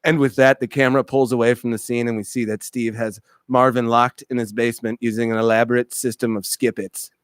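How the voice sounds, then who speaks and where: Male host, middle pitch, deadpan mock-serious skit narration, dry close sound. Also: brisk, few pauses, clean tone, no room sound.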